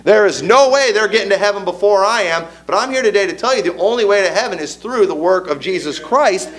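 A pastor delivers a sermon in a somewhat high male voice. He talks like a storyteller, folksy and easygoing, then builds emphasis as he drives his message home in a church service.

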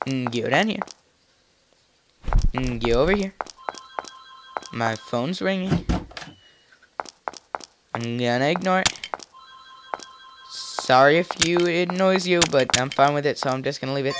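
A man's voice: mid-range voice, a little slow, pauses often. A man casually commenting while playing a video game, joking and rambling to himself in a playful way. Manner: playful, rambling, jokey asides. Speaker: let's play gamer. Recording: game music behind the voice. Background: game music.

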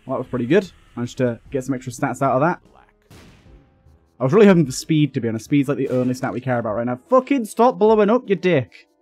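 Excitable man playing a game. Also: medium pitch, quick pace, faint music behind. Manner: excitable, frustrated outbursts and swearing. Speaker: gaming YouTuber. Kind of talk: let's play commentary.

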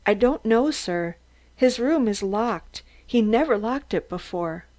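Audiobook figure: woman reading an anxious young valet, stammering, pitched a little high. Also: animated, slow pace, a little mellow, no room sound. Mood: nervous. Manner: stammers, hesitant.

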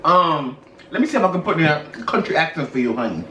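A man's voice: fairly high pitch, sing-song, fast talker, sharp tone. A man co-hosting a casual mukbang chat, sassy and drawling, calling everyone honey and girl. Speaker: co-host. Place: indoors at a dining table. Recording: roomy, slightly distant, faint noise.

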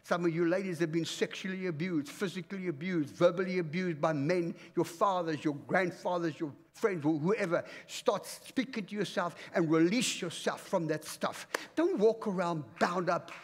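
A man from Africa preaching a fervent, commanding sermon in a church, swinging between loud and hushed. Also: high-pitched, moderate pace, hardly any pauses. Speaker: pastor. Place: church auditorium. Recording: reverberant church hall.

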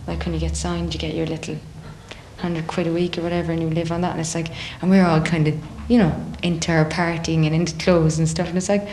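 Young Irish woman singer, low-pitched, chatty and animated, casual interview. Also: fast talker, a little hiss or hum. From Ireland. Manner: chatty, animated, acts out others' voices in quotes. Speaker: singer in a band.

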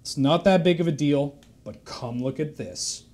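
Man playing eager horse, cartoonish joke figure, slightly high voice, plain delivery. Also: moderate pace, darkish tone, natural voice. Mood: earnest. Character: earnest male horse learning guitar.

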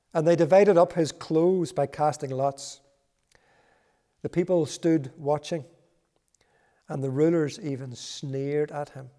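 A man reading a Bible passage aloud in a church service, measured and solemn. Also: on the high side, fairly even intonation, dark tone. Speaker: scripture reader.

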